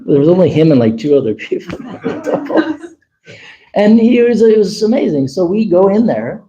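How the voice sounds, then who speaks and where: A man telling a long personal story at a temple gathering, chatty and animated, acting out the dialogue. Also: sits high, a little fast, highs cut off, noisy background. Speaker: temple speaker. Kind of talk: casual storytelling talk.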